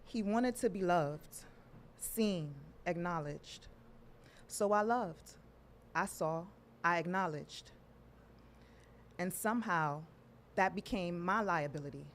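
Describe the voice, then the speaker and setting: A woman from New York performing a spoken word poem at an open mic, with measured, rhythmic delivery. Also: on the low side, slight background noise. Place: live poetry venue.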